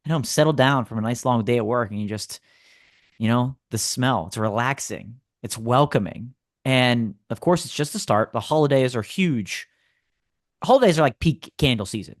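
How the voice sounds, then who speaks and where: A man co-hosting a podcast in casual chat, easygoing, with lots of filler words and shout-out asides. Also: medium pitch, animated, moderate pace, no room sound, clean studio sound. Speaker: podcast co-host.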